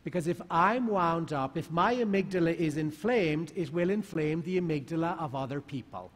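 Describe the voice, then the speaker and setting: A man giving a talk to a live audience, asking the listeners lively questions. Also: a little high, moderate pace. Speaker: conference speaker. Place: large conference hall. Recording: long hall reverb.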